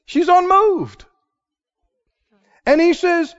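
A man preaching a sermon who rises into shouts and calls out questions to the congregation. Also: high-pitched, expressive, normal speed, dull audio.

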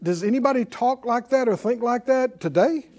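A man with a drawl leads a Bible class in a high, bright voice. He talks in a folksy, emphatic way and stops to have his class repeat lines back to him. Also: moderate pace. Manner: folksy and emphatic, laughing often, acts out quotes. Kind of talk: preaching a Bible class with call and response.

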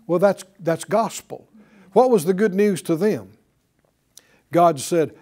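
A man's voice: high voice, takes it slowly, pauses often, mellow. A man preaching a sermon, asking the congregation questions and acting out quotes. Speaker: pastor.

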